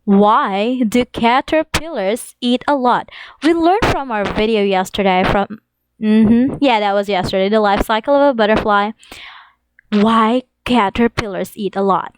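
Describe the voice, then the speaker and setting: A woman teaching an English lesson to young children, reading examples slowly in an exaggerated sing-song way. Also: on the high side, a little hiss or hum.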